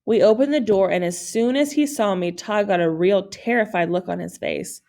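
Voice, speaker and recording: A woman's voice: medium pitch, moderate pace, dark tone. A woman reading a children's novel aloud in plain storytelling style, with small slips that she corrects. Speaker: audiobook reader.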